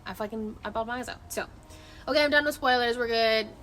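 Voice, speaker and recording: A woman's voice: fairly high pitch, fast talker, a bit bright, faint music behind. A woman streamer in casual chat outdoors at night, rambling and emotive and swearing freely as she talks into her phone. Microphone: phone camera.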